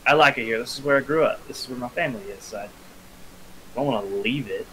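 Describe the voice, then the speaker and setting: A man voicing a young, uneasy male ruffian recruit who talks in a halting, hesitant way. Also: mid-range voice, bright, forceful tone, a little hiss or hum, natural voice, poor audio.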